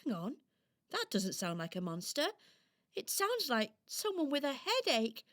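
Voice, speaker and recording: A woman voicing an adventurous, excitable little girl in a radio play, bold and playful but easily startled. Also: high-pitched, a little slow, exaggerated voice. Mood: puzzled.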